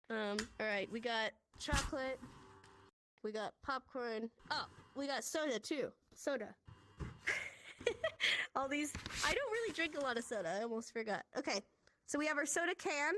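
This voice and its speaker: A woman's voice: high voice, sharp tone, a little hiss or hum. Chatty woman teaching sign language. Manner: upbeat, chatty, laughs often, walks learners through hand motions. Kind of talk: casual classroom instruction. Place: virtual reality classroom.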